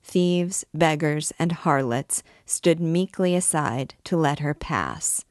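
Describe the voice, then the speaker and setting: A woman narrating a classic novel as an audiobook, in a measured, even storytelling manner. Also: low voice, dry recording, clean studio sound.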